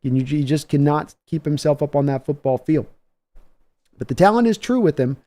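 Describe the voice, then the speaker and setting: Man, live stream host, casual play-by-play, mellow warm voice, chatty. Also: fairly high pitch, animated, normal speed. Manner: chatty, thanks donors between plays. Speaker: livestream host giving play-by-play reaction.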